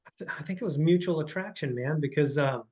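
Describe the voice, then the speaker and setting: A man's voice: a little high, fast talker, darkish tone, low-quality recording. A man on a podcast, a horse trainer and life coach, talking casually and rambling, often restarting and dropping in "man" and "dude". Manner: rambling, repeats words, says "man" and "dude".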